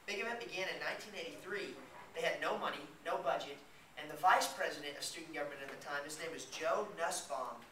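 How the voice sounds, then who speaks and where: A man's voice: on the high side, quick pace, bright, forceful tone, a little hiss or hum. A young man presenting to a group in an enthusiastic, explaining way. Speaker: student speaker. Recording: echoey room, far from mic.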